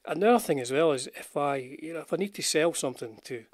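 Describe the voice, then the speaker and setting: A man's voice: a little high, animated, quick pace, no echo, studio quality. Rambling older Scottish man. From Scotland. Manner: rambling, chatty, self-deprecating, greets viewers in the chat. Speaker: guitar channel host. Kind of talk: casual live-stream chat. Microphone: wearing headphones with a desk mic.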